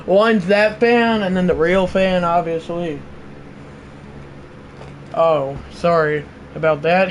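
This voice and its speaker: A man with a high voice calls a football video game in mock announcer style, at an unhurried pace. He jumps into loud excited play calls and then drops into low, offhand asides to his chat. He is in a room at home, with a faint fan hum behind him. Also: rough recording. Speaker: livestream host.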